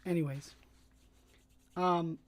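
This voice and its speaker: Talking slowly around a cough drop, this flat-voiced streamer and fan filmmaker makes casual conversation while he edits, his voice mid-range. His chat wanders, hesitant and packed with fillers and false starts, picked up by a desk mic tested on stream.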